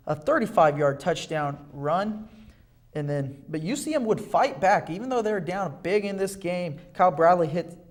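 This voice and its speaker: A young man calls college football highlights on a sports show, his voice sitting a bit high. He talks with energy and trips over words, fixing them as he goes. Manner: energetic, with fillers and self-corrections. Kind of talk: highlight play-by-play commentary.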